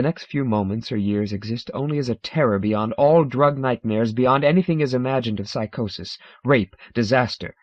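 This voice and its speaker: A man narrating an audiobook in a measured, dramatic manner. His voice is mid-pitched. The recording is dry and slightly muffled. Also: darkish tone, dry recording.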